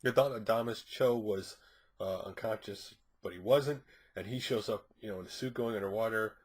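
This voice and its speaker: Casual comic reviewer: a man with a lowish, slightly husky voice, rambling with lots of fillers. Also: normal speed. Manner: rambling, frequent fillers and restarts. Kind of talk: casual spoken plot recap.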